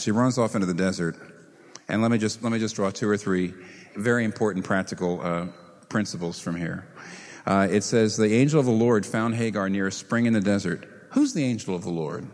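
A man delivering a sermon as pastor, his voice moving freely up and down as he presses his points. He keeps asking the congregation questions, animated throughout. The sound carries a long, echoing reverb, as in a large church sanctuary. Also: fairly low pitch. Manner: animated preaching with rhetorical questions. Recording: reverberant hall.

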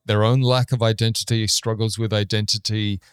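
A man's voice: lowish voice, little pitch movement, moderate pace, clear, resonant tone, no echo. Thoughtful male host, dry close sound. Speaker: podcast host. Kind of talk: interview questions.

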